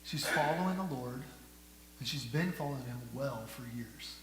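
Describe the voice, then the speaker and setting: A male pastor preaching a sermon, asking the congregation rhetorical questions and moving between hushed and loud delivery. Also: medium pitch, normal speed. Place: church sanctuary. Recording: echoey church hall with faint hum.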